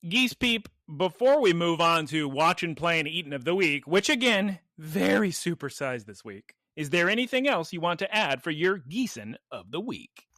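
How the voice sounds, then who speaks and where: A man co-hosting a podcast, chatting casually and telling stories in a playful, animated way. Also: a little high, moderate pace, hardly any pauses, dry recording, clean studio sound. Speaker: podcast co-host. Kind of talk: casual chat.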